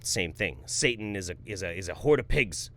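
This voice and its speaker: A man in his thirties hosting a live stream, reading viewer donations in a relaxed, profane, jokey way. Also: low voice, brisk. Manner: laid-back, swears freely, laughs often. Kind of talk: casual live-stream commentary.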